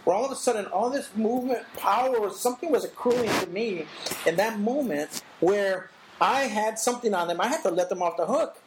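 The interview guest is a middle-aged man with a high-pitched voice, heard against a noisy background. He shares a personal story reflectively, stopping and restarting and acting out brief quotes.

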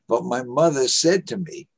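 This older man, a veteran actor being interviewed, has a mid-range voice with vocal fry and a breathy edge. His pace is slow as he shares anecdotes, chuckles along the way, and performs the voices of whoever he's quoting.

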